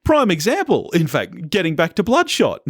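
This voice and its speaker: An Australian man co-hosting a film podcast, chatty and quick to laugh in casual banter. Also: high-pitched, no echo, studio quality. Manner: chatty, laughs often, animated. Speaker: podcast co-host. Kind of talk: casual film-review chat.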